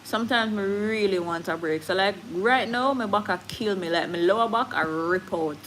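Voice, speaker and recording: At a moderate pace, a woman with a medium-pitched, fairly bright voice and a Jamaican accent chats on a casual live stream. She speaks candidly, reads comments from viewers, and slips into patois. The audio is poor, with a little hiss or hum.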